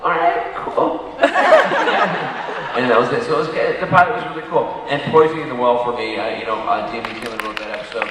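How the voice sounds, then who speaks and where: A man's voice: mid-range voice, fairly even intonation, racing, hardly any pauses, very noisy. A man who is an actor telling rambling anecdotes with many fillers on a convention panel. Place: large convention hall. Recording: echoey hall from far off.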